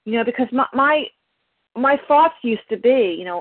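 A woman from South Jersey sharing at a recovery meeting in a measured, reflective way. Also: a little high, animated, no echo, recorded from a distance. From South Jersey, USA. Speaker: meeting participant. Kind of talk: recovery share. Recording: tinny dry phone line.

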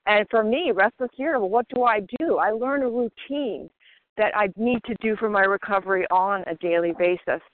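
Woman, recovery meeting sharer, earnest and steady, phone-line sound. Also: medium pitch, fairly quick, no room sound. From Maryland. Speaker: member sharing at a phone meeting. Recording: dry tinny phone line.

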